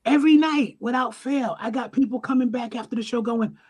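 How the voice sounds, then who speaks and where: A man voicing a gruff older male rock musician who swears loudly and brusquely. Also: very high-pitched, fairly quick, pitched above the performer's own voice. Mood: loud ranting. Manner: loud, profane, mock-hostile.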